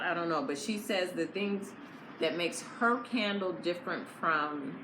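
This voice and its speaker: A woman with a fairly low voice talks through a reality show episode in a casual, blunt and opinionated way. Her critical asides come across plainly. The recording is roomy and echoey, with a faint hiss underneath. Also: measured pace. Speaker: reality show recap host. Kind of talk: casual episode recap commentary. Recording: echoey room with faint noise.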